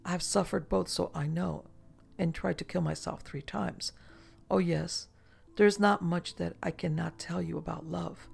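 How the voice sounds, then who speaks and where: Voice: mid-range voice, steady tone, normal speed, gravelly, breathy edge. A reader doing a weary, emotionless ageless woman. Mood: detached. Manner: detached, languid, world-weary.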